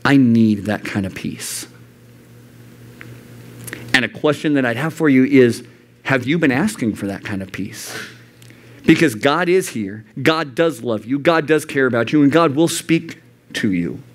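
A man preaching to a youth group, animated and acting out the voices he quotes. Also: mid-range voice, moderate pace. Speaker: youth pastor. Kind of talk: sermon. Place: church youth service.

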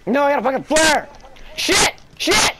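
A man cursing and yelling loudly in casual chat while playing a video game with a friend. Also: very high-pitched, big pitch swings, normal speed, heavy background noise. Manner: loud, profane, yelling outbursts. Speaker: gamer playing online with a friend. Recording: loud game sound behind the voice.

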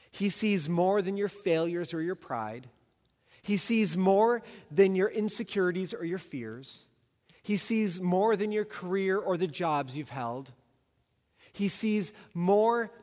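A senior pastor giving a sermon with an emphatic, repetitive preaching cadence. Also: male voice, high-pitched. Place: church sanctuary. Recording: long church reverb.

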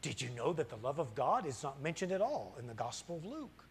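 A man's voice: fairly high pitch, big pitch swings, a little fast, slight background noise. A middle-aged man preaching a sermon as pastor in a church, asking the congregation questions and building to fired-up, impassioned peaks. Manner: asks the congregation rhetorical questions. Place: church sanctuary.

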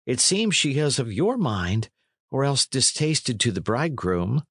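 A man's voice: mid-range voice, big pitch swings, a little slow, a bit bright, slightly rough, dry recording, clean studio sound, pitched above the performer's own voice, full character voice. A man reading an audiobook, voicing a timid young male runaway who speaks earnest, anxious old-fashioned English. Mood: coaxing. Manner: earnest, anxious, archaic speech.

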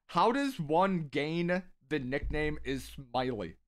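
Chatty, slightly high-voiced male streamer. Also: animated, slow pace. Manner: rambling and talkative, shouting out viewers. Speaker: live-stream gaming host. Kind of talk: casual live-stream chat. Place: at home.

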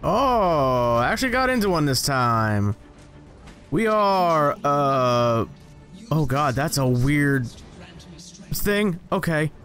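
A young man giving casual, rambling gameplay commentary, joking at himself and jumping into high excited yelps as he plays. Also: takes it slowly, long pauses, faint music behind. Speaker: gaming channel host.

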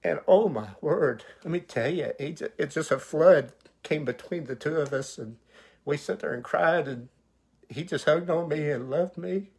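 A man's voice: a little high, moderate pace, creaky, husky. A male pastor telling his personal testimony, an emotional, vivid retelling full of quoted dialogue.

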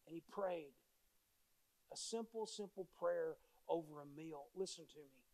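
High-voiced preaching pastor. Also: male voice, unhurried, darkish tone. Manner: emphatic, repeats phrases, storytelling. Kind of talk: sermon.

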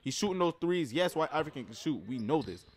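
A man reacting to a streetball game, giving casual commentary with slang and sudden loud outbursts. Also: on the high side, lively intonation, fast talker. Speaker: reaction streamer commenting on basketball.

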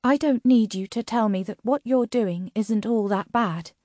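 A woman's voice: fairly high pitch, a little slow, mellow, no echo, clean studio sound, close to an everyday voice. A woman voicing an uptight British bookshop owner who speaks in a clipped, cutting, dryly sarcastic way. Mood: cool, cutting.

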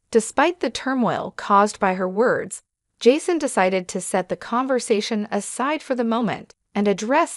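A woman's voice: medium pitch, no room sound. Woman reading a story, dry close sound. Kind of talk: scripted first-person story narration.

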